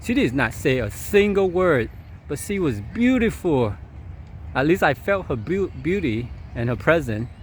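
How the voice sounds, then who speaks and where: A man's voice: fairly high pitch, sing-song, measured pace, slight background noise. A man telling a long, meandering personal story outdoors as a vlogger, chuckling now and then and leaning on fillers. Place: outdoors at sunset.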